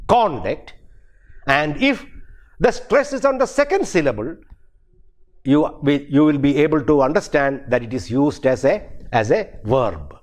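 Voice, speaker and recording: Slow, animated older professor. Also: male voice, on the high side. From India. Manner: slow, repeats and spells out words, stressing syllables to demonstrate. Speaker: university English professor. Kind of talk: lecture on pronunciation.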